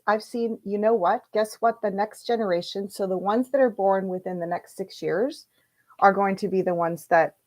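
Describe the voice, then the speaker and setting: A woman hosting a livestream tarot reading, chatty and animated, laughing often and quoting people in playful voices. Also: mid-range voice. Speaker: tarot reader.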